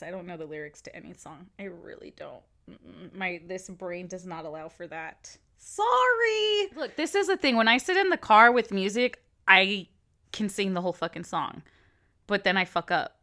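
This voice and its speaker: Thirty-something woman vlogging, blunt and sweary, chatty, goes quiet and whispery sometimes. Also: fairly low pitch, animated, moderate pace. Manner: blunt, swears freely, swings between loud and whispered asides. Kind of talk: casual reaction commentary.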